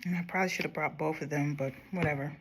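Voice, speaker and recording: A young woman casually chatting to her viewers while doing her makeup, going quieter as she concentrates. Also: deep voice, steady tone, fast talker, husky. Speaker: makeup vlogger. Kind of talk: casual makeup tutorial chat.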